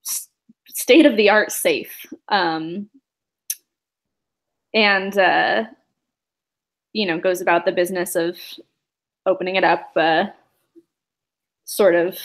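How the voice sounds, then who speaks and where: A woman narrating a tabletop game as game master, in a casual, rambling way with many fillers and laughs. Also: medium pitch.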